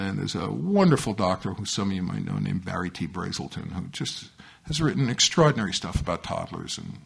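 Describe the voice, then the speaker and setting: A middle-aged man with a husky, slightly breathy voice giving a personal testimony at a recovery meeting. He talks candidly and laughs at himself, often swinging into lively, emphatic bursts before settling back down. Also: medium pitch. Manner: candid, self-mocking, with animated outbursts.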